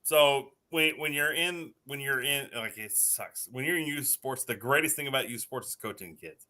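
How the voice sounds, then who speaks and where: A man hosting a casual live stream, chatting with co-hosts and telling lively stories with plenty of laughter. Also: medium pitch, normal speed. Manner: animated storyteller, laughs often.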